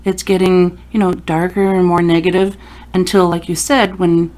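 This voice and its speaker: A woman's voice: on the low side, little pitch movement, normal speed, darkish tone. A woman hosting a paranormal podcast, chatting casually and telling stories with quoted asides. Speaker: podcast host. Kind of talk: casual interview chat.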